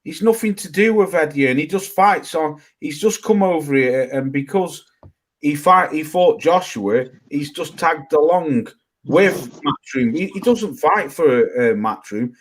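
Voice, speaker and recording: A man's voice: a little high, lively intonation, a little slow. Man, boxing podcast co-host, insistent, talks over others. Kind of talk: heated casual debate.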